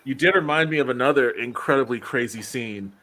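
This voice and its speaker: A man's voice: medium pitch, fairly quick, bright, forceful tone. A man appearing as a guest on a video-call podcast, giving wry, opinionated commentary on a film. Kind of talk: casual chat.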